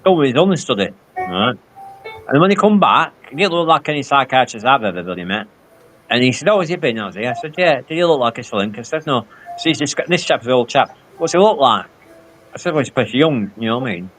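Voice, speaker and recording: A man's voice: medium pitch, very animated, quick pace, a bit bright, slight background noise. A man, telling rambling stories full of quoted dialogue on a casual live stream. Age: 50s. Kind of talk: casual chat.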